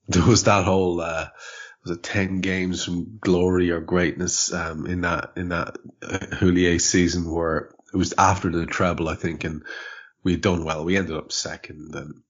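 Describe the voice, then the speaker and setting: Man, host of a fan podcast; very low, husky, loose and rambling, dull lo-fi audio. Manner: animated, rambling, swears, many restarts. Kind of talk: casual podcast chat.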